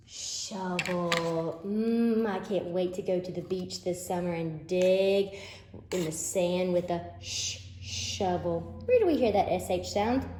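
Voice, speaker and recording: A woman's voice: mid-range voice, warm tone, echoey room, a little hiss or hum. A woman teacher giving a playful phonics lesson to young children, gasping and acting surprised as she goes. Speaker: kindergarten teacher. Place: empty classroom.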